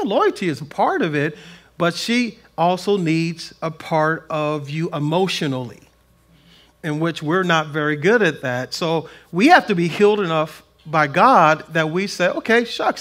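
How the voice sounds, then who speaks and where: A man preaching a conversational sermon in a plain-spoken, folksy way, swinging between loud emphasis and soft asides. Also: fairly high pitch, expressive, a little slow. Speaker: pastor. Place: church sanctuary.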